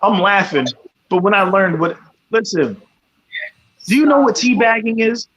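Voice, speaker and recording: Man, radio talk host, casual and blunt, lots of swearing, fairly high voice, slightly muffled audio. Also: animated, moderate pace, a bit bright. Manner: blunt and profane, peppered with "you know what I'm saying". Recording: slightly muffled, faint background noise.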